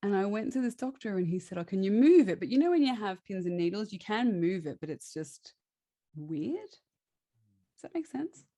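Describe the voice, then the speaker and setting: A woman's voice: mid-range voice, very animated, moderate pace, warm tone, no room sound, clean studio sound. A woman, a guest chatting through a personal story, laughing often and restarting her sentences.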